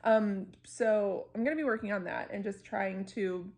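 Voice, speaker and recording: Chatty young woman with a gravelly edge. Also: mid-range voice, normal speed. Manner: chatty, animated, frequent fillers and laughter. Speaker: book vlogger. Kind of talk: casual chat to camera. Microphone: camera mic.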